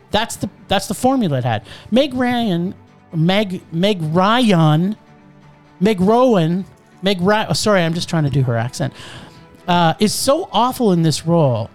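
Animated, exasperated woman ranting. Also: low voice, moderate pace, faint music behind. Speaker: podcast host reviewing films. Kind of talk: casual chat.

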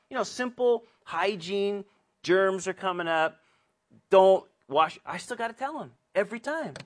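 Male pastor, slightly higher voice, conversational and earnest Bible teacher with rambling asides. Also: fairly bright tone. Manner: chatty and earnest, with many restarts and asides. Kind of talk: conversational sermon.

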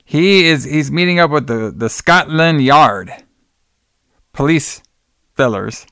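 A man's voice: on the high side, expressive, slow pace, fairly bright tone, dry recording, clean studio sound. An American man co-hosting a podcast, recapping a film in casual, profane, joking chat. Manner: blunt, profane, jokey, says "brother" a lot. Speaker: podcast co-host. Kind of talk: casual movie review chat.

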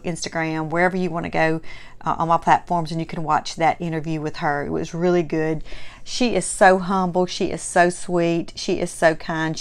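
Mississippi southern lady hosting her vlog, mid pitch, smooth clear voice, folksy and gushing. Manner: folksy, enthusiastic, repeats herself for emphasis. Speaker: host. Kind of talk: chatty vlog recap.

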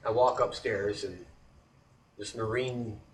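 A man co-hosting a casual chat, telling an animated story with laughter. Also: fairly low pitch, takes it slowly, recorded from a distance, a little hiss or hum, low-quality recording. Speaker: podcast co-host.

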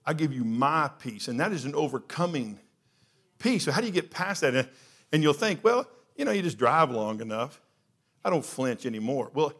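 A middle-aged man, preaching a sermon in a conversational, storytelling way, with frequent fillers. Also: mid-range voice.

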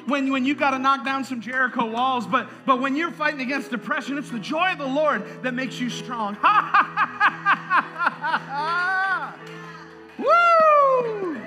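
A man's voice: very high voice, a little fast, hardly any pauses, music in the background. A man preaching a sermon to a congregation, calling out praise and breaking into bursts of laughter.

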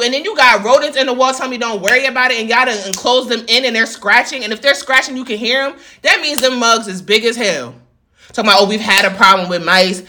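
A woman telling a casual storytime rant to her viewers, animated and profane, addressing them as "y'all" from her home office. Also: mid-range voice. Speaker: vlogger.

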